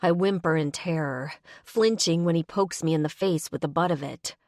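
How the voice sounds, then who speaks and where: A woman narrating a first-person audiobook with expressive, dramatic inner monologue, on a close studio mic. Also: deep voice, normal speed, dry recording.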